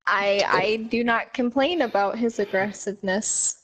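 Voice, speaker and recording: A woman's voice: medium pitch, unhurried, a bit bright. A woman appearing as a guest on a wrestling commentary show, answering in a dry, matter-of-fact way. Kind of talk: in-character guest chat.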